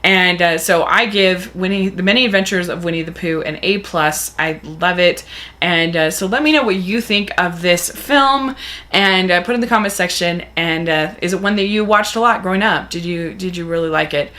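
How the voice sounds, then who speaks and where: A woman's voice: on the low side, moderate pace, pushed and bright. A woman gushing enthusiastically as she reviews a film, retelling the story with plenty of repetition. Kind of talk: casual video review.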